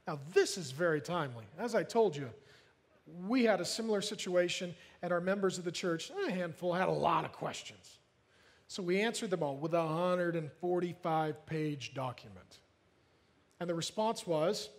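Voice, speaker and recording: A man preaching a sermon as pastor, lively and joking, often acting out whiny complainers in put-on voices. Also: sits high, normal speed, in a large hall.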